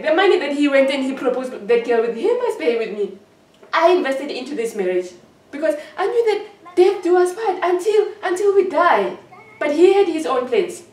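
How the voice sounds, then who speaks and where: A woman with a high voice speaks in a hurt, accusing way and keeps circling back to the same points. She is recorded from a distance in an echoey room. Her testimony is emotional and personal. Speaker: interviewee.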